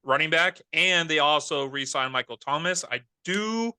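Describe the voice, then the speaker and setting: A man's voice: on the high side, animated, normal speed, bright, forceful tone, clear, resonant tone, no echo. A man co-hosting a fantasy football podcast in casual, rambling chat that often corrects itself mid-sentence. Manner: loose, rambling, self-correcting. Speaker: podcast co-host.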